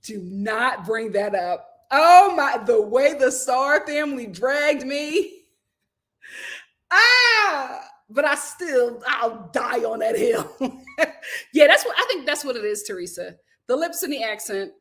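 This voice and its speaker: A woman with a high, bright voice hosts a relaxed livestream, reading viewer comments aloud and laughing often as she talks back to them. She takes her time, unhurried and easygoing. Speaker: host reading live chat. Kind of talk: casual livestream chat.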